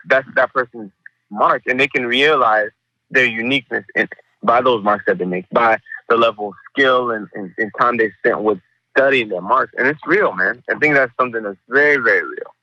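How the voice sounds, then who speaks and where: Bright-voiced, animated male artist. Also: medium pitch, moderate pace, no room sound, dull audio. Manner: animated, profane, acts out quoted voices. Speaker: artist guest. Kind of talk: casual conversational interview.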